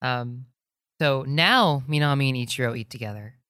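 A woman's voice: extremely low pitch, normal speed, a bit bright, dry recording, studio quality. A woman co-hosting a podcast who retells a story casually, with plenty of ums. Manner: easygoing, filler-heavy retelling. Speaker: podcast co-host. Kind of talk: casual plot recap.

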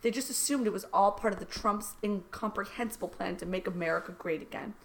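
Woman reading dumb smut out loud on a podcast, dry deadpan delivery, mid voice. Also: medium pitch, quick pace, creaky. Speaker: podcast co-host reading fan fiction aloud. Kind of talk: comic read-aloud with banter.

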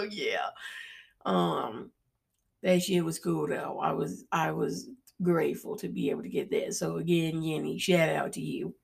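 Young woman podcaster, low gravelly voice, chatty and cussing a lot, slang everywhere. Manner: casual, slangy and profane, with frequent "like" fillers. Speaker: podcast host. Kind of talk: casual personal storytelling.

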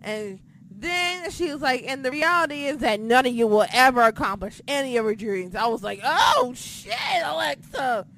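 A woman hosting a podcast, recapping in casual chat, excitable and profane, swinging between shouting and muttering. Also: fairly high pitch, normal speed, hardly any pauses, a little hiss or hum. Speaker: podcast host.

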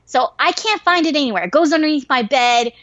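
A woman telling a wild story in casual chat, swearing freely and getting animated and excitable. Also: sits high, a little fast, dry recording. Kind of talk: casual story told to a listener. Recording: dry, slightly dull lo-fi recording.

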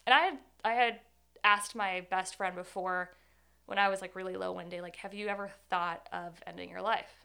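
A woman's voice: medium pitch, steady tone, moderate pace, vocal fry, sharp tone, smooth. A young woman in her twenties, a guest telling her own story in an interview, candid and earnest, with many "like"s. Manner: candid, earnest, says 'like' often.

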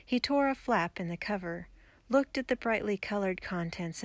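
A woman narrating a storybook in a steady, measured reading voice. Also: mid-range voice, no room sound. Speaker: audiobook reader.

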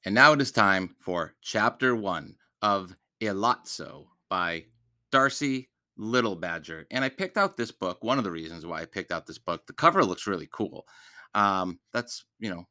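Bright-voiced man hosting a book podcast. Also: on the low side, no room sound. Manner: chatty, rambling with many fillers. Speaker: podcast host reading books aloud; teacher. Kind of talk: casual podcast chat.

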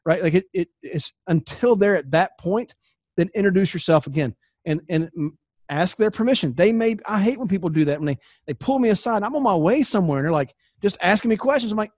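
A man with a fairly high voice gives plain-spoken coaching tips straight to the listener. He is blunt and animated, stumbles over repeated words as he restarts sentences, and the sound is close and dry. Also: brisk, no echo. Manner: blunt, animated, acts out quoted exchanges. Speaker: business coach. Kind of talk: instructional talk to camera.

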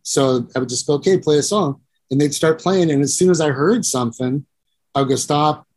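A slightly high, slightly mellow voice moves fairly quickly as a middle-aged musician and producer tells long profane stories. In this casual interview he rambles, imitates the people he describes, and leans on "you know."

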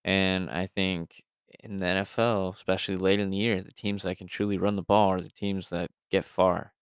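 A young man co-hosts a football podcast, ranting with emphasis and lots of fillers. His voice sits fairly low and sounds smooth. The recording is dry and close to the mic. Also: level tone, moderate pace, no room sound. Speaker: podcast co-host. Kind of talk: casual sports chat.

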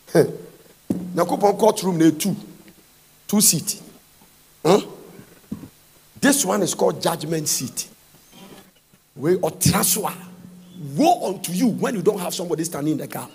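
A man preaching a sermon, reading Bible verses aloud and breaking into fervent, sing-song shouts. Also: high-pitched, breathy edge.

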